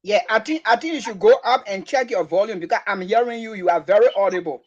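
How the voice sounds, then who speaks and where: A man hosting an online talk show, with a fairly high voice. He calls out to his guests and often repeats words, and the call audio sounds muffled. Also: fast.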